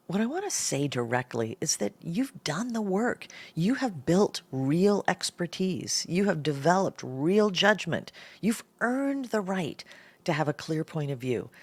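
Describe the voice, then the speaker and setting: A woman with a low voice hosts a solo leadership talk, coaching listeners in a direct, emphatic way. Her pitch moves in wide, lively swings. The sound is dry and close. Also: no room sound. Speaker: podcast host and leadership coach. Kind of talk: solo talk on professional presence.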